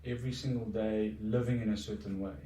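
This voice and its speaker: A man's voice: fairly low pitch, steady tone, a little fast, dark tone, slight background noise. A middle-aged man, a podcast guest talking in a reflective, earnest way with frequent restarts. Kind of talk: casual conversation. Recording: echoey room, distant from mic.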